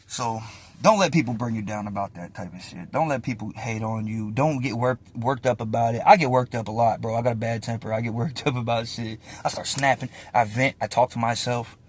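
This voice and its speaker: A man in his twenties, ranting casually and profanely to the camera from inside a parked car, tossing in slang and "bro". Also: mid-range voice. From United States. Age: 20s. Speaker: vlogger.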